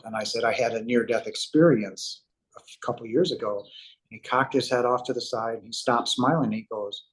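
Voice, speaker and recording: A man's voice: mid-range voice, fairly quick, poor audio. A man, a guest on an interview show, retells a personal story at length, with acted-out quotes and frequent fillers.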